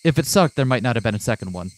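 Animated man chatting through a game. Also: medium pitch, rough recording. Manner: animated, laughs often. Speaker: let's play co-host. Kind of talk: casual gaming chat and reading game text aloud.

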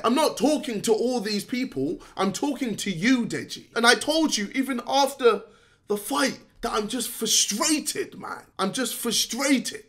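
A man ranting straight to camera in a frustrated, scolding way, sometimes shouting and laughing between points. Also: very high voice, sing-song, a little slow. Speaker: YouTuber. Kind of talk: direct-to-camera rant.

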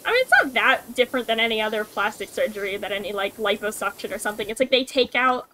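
A woman's voice: medium pitch, fast talker, sharp tone, a little hiss or hum, rough recording. A young woman streamer chatting casually and swearing freely while gaming. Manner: chatty, swearing, laughs often.

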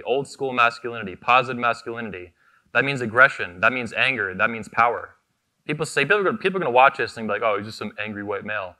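A man's voice: mid-range voice, sharp tone. A man giving a fiery convention keynote speech on stage into a microphone, combative and profane, hammering short repeated phrases. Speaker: keynote speaker, convention founder.

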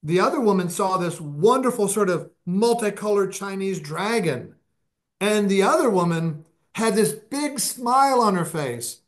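Guy with a pretty high voice rambling through stories on a podcast, lively, speeds up then slows down. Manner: animated, anecdotal, speeds up and slows down. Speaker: podcast guest. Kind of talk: casual interview storytelling.

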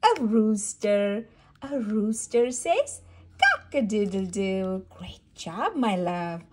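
A woman's voice: a little high, very animated, drawn-out words. A woman reading a barn animal book aloud to a toddler, in a sing-song way with animal sounds. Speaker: storybook reader for toddlers. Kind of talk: read-aloud for babies.

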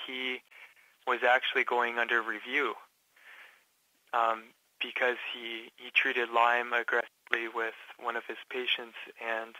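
A man from Canada speaks in a bright, sharp voice that stays flat in pitch, stumbling through fillers and restarts as he tells his story. The sound is dry and close, with no room around it. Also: no echo, low-quality recording. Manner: halting, many fillers and restarts. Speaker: patient guest. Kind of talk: casual interview.

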